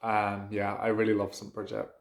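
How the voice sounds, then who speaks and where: A man's voice: fairly low pitch, monotone, normal speed, roomy sound. A man talking casually to camera about his practice in a chatty, rambling way, with lots of fillers. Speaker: witchcraft vlogger.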